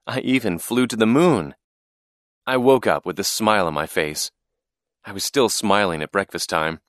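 A man narrating a first-person storybook in a clear, expressive reading. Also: fairly low pitch, normal speed, dry recording, clean studio sound.

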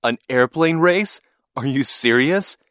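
A man voicing an eager young boy who loves airplanes, shouting with wide-eyed excitement. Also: medium pitch, moderate pace, no echo, studio quality, voice pushed up, natural voice. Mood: thrilled.

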